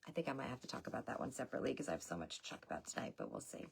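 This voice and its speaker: Speaking very fast in a rumbling low, sing-song voice with vocal fry and a slightly rough edge, a woman does a casual livestream tarot reading. She keeps it loose and chatty, calling her viewers "y'all."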